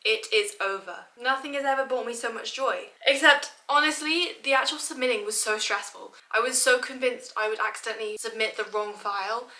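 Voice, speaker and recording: A young woman vlogging to camera in a chatty, excitable, self-mocking way. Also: fairly high pitch, brisk, hardly any pauses. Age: young adult. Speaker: student vlogger. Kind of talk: casual vlog talk to camera. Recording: echoey room sound.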